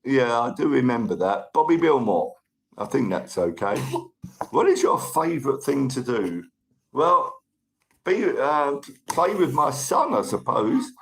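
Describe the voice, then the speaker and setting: A man hosts a casual livestream, reading viewer comments, thanking people by name and fighting a tickly cough. His mid-range voice is creaky, sing-song and unhurried, and the recording is rough.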